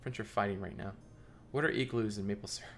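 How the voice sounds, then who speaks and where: Bright-voiced man rambling to his stream. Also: lowish voice, fairly even intonation, fast talker, slight background noise. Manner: rambling, thinks aloud, laughs often. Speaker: live streamer. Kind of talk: casual live-stream chat with viewers.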